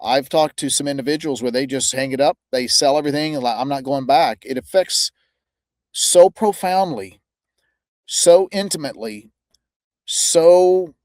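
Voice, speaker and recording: A male podcast host talking earnestly and haltingly, searching for his words in casual interview talk. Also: fairly high pitch, a little mellow, no room sound.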